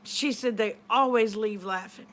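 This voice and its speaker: A woman's voice: a little high, measured pace, a bit bright. A middle-aged woman, retelling a conversation in a chatty, rambling way. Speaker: vlogger. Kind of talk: casual storytelling.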